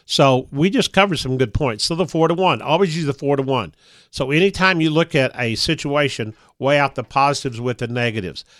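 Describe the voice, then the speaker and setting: A man's voice: mid-range voice, animated, normal speed, fairly bright tone, no echo, studio quality. A middle-aged man hosting a motivational radio talk show, folksy and playful, acting out quoted voices.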